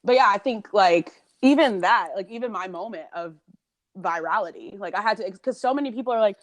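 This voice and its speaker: A woman co-hosting a podcast in casual chat, animated, laughing often and acting out her own thoughts. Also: mid-range voice, brisk. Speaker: podcast co-host.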